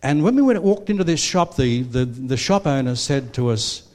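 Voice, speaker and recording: Older australian man, sermon, rambling storyteller, mid-pitched voice. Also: expressive, normal speed, a little mellow. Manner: rambling, many fillers and restarts. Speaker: preacher. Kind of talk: sermon with personal anecdotes.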